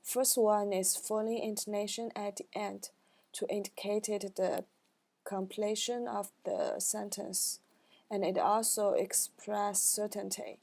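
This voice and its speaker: A young woman student reads back what her class covered, careful and halting in non-native phrasing. Her voice is dark and mellow with a gravelly edge of fry. She keeps an even, unhurried tone with very little lift. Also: medium pitch. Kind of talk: reading a class recap.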